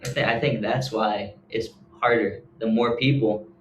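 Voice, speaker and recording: A man's voice: lowish voice, fairly even intonation, moderate pace. A young man co-hosting a casual podcast, talking loosely and filling gaps with "like". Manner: loose, filler-heavy, says "like" often. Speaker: podcast co-host. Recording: echoey room, faint background hiss.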